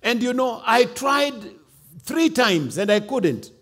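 A Kenyan man delivers a sermon as a bishop, his voice pitched high for a man. He preaches with emphasis and drops in Swahili and Kikuyu asides. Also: sing-song, slow, a bit bright.

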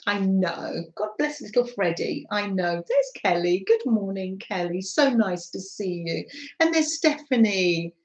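A woman's voice: medium pitch, sing-song, measured pace. A woman with a North London accent chatting casually with her live-stream viewers, giggling often and reading out their comments. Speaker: craft live-stream host. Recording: echoey room, slightly dull sound.

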